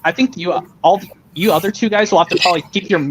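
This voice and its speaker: Halting man hosting a chat stream. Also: high-pitched, a little hiss or hum, rough recording. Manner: hesitant, frequent restarts. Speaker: stream host. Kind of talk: casual chat.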